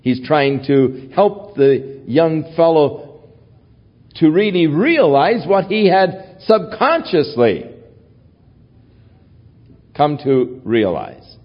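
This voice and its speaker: Slow, lively-pitched male preacher. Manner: measured Bible teaching, acting out quotes. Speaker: pastor. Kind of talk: sermon. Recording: dull lo-fi recording.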